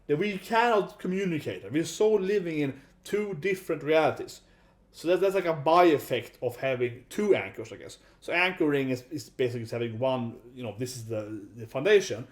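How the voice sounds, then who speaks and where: A man giving a casual, rambling commentary vlog, often tagging sentences with 'right?'. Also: fairly high pitch. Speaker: YouTube commentator.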